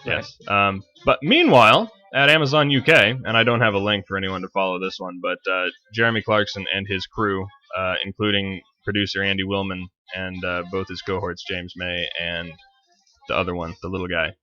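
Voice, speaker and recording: A man's voice: deep voice, fairly quick, pushed and bright, lo-fi sound. A man co-hosting a casual talk show, rambling and hunting for words. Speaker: podcast co-host. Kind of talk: casual chat.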